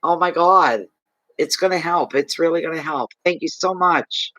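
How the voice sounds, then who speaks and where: A man's voice: fairly high pitch, normal speed, pushed and bright. A man from Canada chatting casually on a livestream as a fortune reader, emotional, thanking viewers and talking to his dog.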